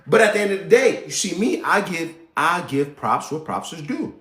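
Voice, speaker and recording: A high-voiced man rants on his live show, his pitch swinging widely as he gets heated. His talk is slangy and profane, and it carries a roomy echo around it. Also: sing-song, moderate pace, sharp tone. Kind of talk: casual political rant.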